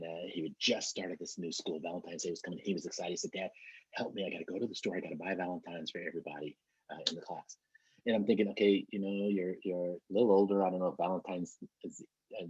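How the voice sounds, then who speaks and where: A man's voice: low voice, darkish tone, slightly rough, no room sound. A middle-aged man, a trainer, telling a motivational story in an earnest way, often repeating and restarting words. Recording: dull, muffled lo-fi recording.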